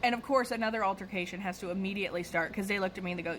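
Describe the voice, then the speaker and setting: A woman telling a casual storytime monologue about her cashier job, animated and profane. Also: mid-range voice, racing, slight background noise, poor audio.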